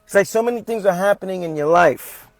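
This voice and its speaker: A man's voice: sits high, fairly quick, no echo. A man giving a motivational talk on a livestream, speaking emphatically, repeating his points and calling his listeners "fam".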